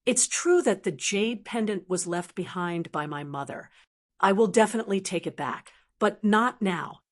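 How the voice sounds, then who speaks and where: A woman voicing a calm, composed young woman who speaks softly with quiet mockery in an audiobook reading. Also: medium pitch, moderate pace, lightly acted. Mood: cool. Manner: soft, faintly smiling, composed. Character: calm mocking young woman, cool heroine.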